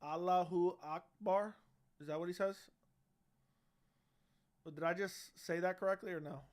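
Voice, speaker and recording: Sitting high with fairly even intonation, this young man talks at a moderate pace. He hosts a casual livestream through a studio dynamic mic, brashly reading chat and joking around with slang and curses.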